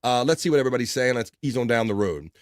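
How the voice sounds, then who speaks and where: A man hosting a loose, casual livestream, reading out chat messages and riffing on them with plenty of ums and uhs. His voice sits at an ordinary mid pitch. The sound is dry and close, with no room echo. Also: expressive, very fast. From East Coast of the US. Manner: rambling, reads chat messages aloud with filler words. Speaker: live stream host reading chat.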